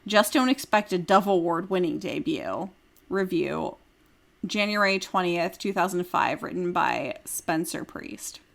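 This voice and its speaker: A woman's voice: lowish voice, animated, measured pace, gravelly. A woman podcast host reading a review aloud in a casual chat, now and then breaking into giggles.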